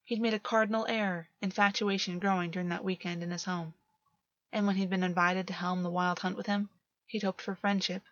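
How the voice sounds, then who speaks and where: Female audiobook narrator, measured delivery, dry lo-fi home recording. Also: on the low side, little pitch movement, fairly bright tone, no echo. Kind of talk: audiobook reading of fan fiction. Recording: dull lo-fi, dry.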